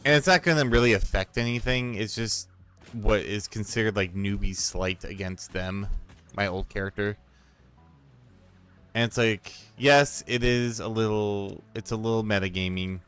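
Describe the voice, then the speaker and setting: A low-voiced man chatting excitedly while gaming, with soft music behind. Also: moderate pace, clear, resonant tone. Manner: rambling, excitable, swears casually. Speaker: streamer and storyteller. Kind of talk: casual chat while playing a game.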